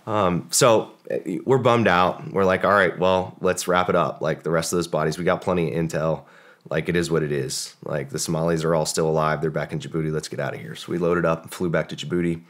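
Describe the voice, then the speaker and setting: A man's voice: extremely low pitch, fairly even intonation, fast. A man, a former special forces operator, telling a long story in a casual podcast interview, rambling with many fillers and acting out the dialogue.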